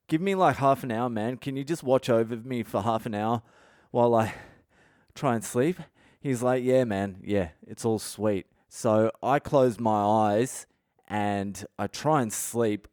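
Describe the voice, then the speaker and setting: A man's voice: medium pitch, darkish tone, clear, resonant tone, dry recording, clean studio sound. An Australian man, a comedian hosting his own podcast, telling a personal story frankly and swearing constantly, acting out the dialogue he quotes.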